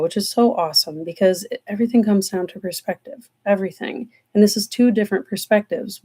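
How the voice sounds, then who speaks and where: A woman hosting a live tarot stream, talking in an earnest, meandering way, slowing down on key words and near tears at times. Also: mid-range voice, mellow. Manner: earnest, meandering, slows down for emphasis. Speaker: tarot reader livestream host. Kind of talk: live-stream spiritual talk.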